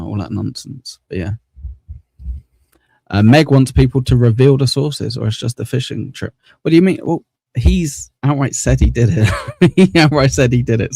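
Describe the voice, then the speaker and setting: Male host, mellow tone, dry mic, loose rambling chat. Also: medium pitch, creaky, dry recording. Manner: rambling, repeats himself, laughs often. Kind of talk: casual livestream commentary.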